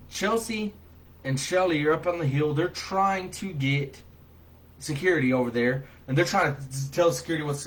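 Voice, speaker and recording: A man with a somewhat high voice tells a story from his own life in a loose, colloquial way. He is animated and gets loud whenever he replays his own lines. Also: poor audio. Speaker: vlogger telling a personal story. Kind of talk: casual spoken storytelling.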